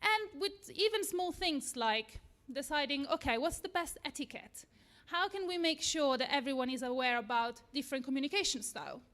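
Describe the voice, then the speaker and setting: With animated delivery at a moderate pace, a woman from Italy speaks on stage in a fairly high, slightly bright voice. The setting suggests a live lightning talk in an event room, and she sounds sincere, a bit nervous, and self-deprecating.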